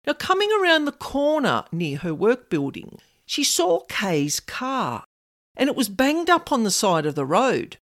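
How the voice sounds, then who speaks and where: A woman's voice: fairly high pitch, wildly swooping pitch, a little slow. A woman narrating a personal story in a conversational way with casual asides.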